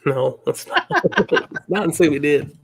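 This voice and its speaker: Slow, hesitant man on a video call. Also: a little high, huge pitch swings, vocal fry, fairly bright tone, breathy edge. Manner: slow and hesitant, thinking aloud while parsing words. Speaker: student in an online language class. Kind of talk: casual online class discussion.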